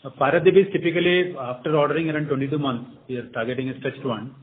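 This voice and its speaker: A man's voice: fairly high pitch, fairly even intonation, fast. A male company executive explaining plans on an earnings call, over a tinny phone line with faint noise.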